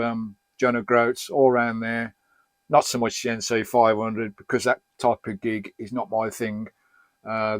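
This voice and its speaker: A middle-aged man from Birmingham, England, with an English accent, answers viewer questions in a chatty, rambling, jokey manner. His voice is medium-pitched, and the recording has no room sound.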